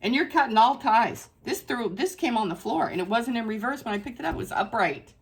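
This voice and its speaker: A woman's voice: fairly high pitch, expressive, quick pace. A woman giving a casual spiritual tarot reading to her viewers, effusive and emphatic, repeating phrases for stress. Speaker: tarot reader.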